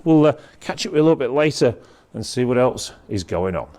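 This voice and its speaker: A man's voice: medium pitch, expressive, fast, crowd noise. A man giving a chatty walking tour of a large industrial workshop, pointing out items to be auctioned. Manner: chatty, pointing things out on the move.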